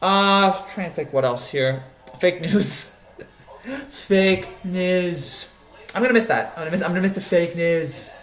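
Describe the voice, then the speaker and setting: A man's voice: on the high side, quick pace, hardly any pauses, a bit bright, roomy sound. A man hosting a casual live sports show, rambling and joking as he answers the chat, with many restarts and fillers.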